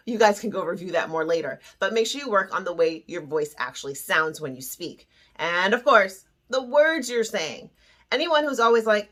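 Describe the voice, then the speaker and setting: A woman coaching on self-esteem in a playful, theatrical teaching style. Her pitch swoops up and down with a lot of life, and she slips into little acted-out voices for emphasis. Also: big pitch swings, normal speed, a bit bright.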